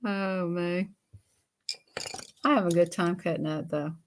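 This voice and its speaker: A woman's voice: lowish voice, steady tone, measured pace. A woman hosting a casual live chat, rambling in an easygoing way and chuckling often. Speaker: live stream host.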